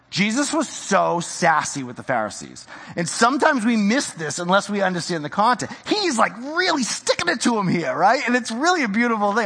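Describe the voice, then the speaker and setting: High bright-voiced guy preaching, super animated, slangy, echoey hall. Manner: animated, casual slang, acts out quoted voices. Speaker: pastor. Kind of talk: sermon.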